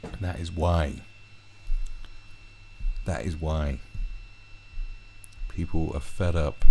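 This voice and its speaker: A man's voice: a bass voice, a little mellow, a little hiss or hum. A man ranting through a commentary video, swearing heavily and often restarting his sentences. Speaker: commentary vlogger.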